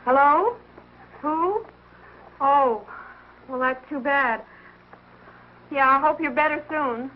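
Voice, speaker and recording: An actress playing a patient, level-headed housewife in a 1940s radio sitcom, soothing in manner. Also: female voice, high-pitched, takes it slowly, long pauses. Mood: puzzled. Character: patient, sensible housewife and mother. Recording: dull old radio broadcast with faint hiss.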